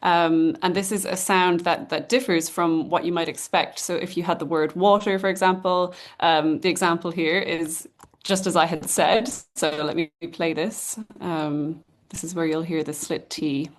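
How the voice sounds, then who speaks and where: A woman giving an academic guest lecture, explaining in a measured way and often pausing to rephrase. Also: fairly low pitch, fairly even intonation. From Ireland.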